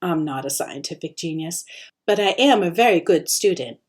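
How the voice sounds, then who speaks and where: A teacher reading the first chapter of a children's novel aloud, with expressive storytelling. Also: female voice, fairly low pitch, normal speed. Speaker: teacher sharing books.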